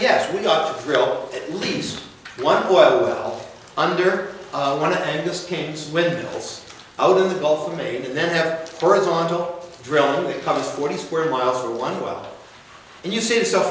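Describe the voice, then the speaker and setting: A man's voice: mid-range voice, a bit bright, slight background noise. A man giving a folksy, rambling campaign speech to an audience at a university, often restarting his sentences. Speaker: political candidate. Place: university lecture room. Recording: echoey room, mic far off.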